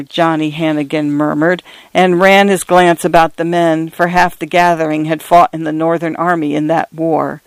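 A man's voice: fairly high pitch, flat delivery, clean tone, dry recording, poor audio. Resonant male storyteller. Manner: measured, earnest storytelling. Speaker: narrator. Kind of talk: storybook narration.

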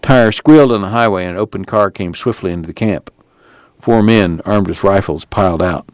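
A man reading a novel aloud in a steady, measured storytelling voice. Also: low voice, no echo. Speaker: narrator. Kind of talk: audiobook narration.

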